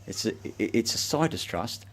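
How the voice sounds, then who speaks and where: An Australian man films himself going on an agitated, swearing, rambling tirade. His voice is on the low side and fairly bright, with lively intonation at a normal speed.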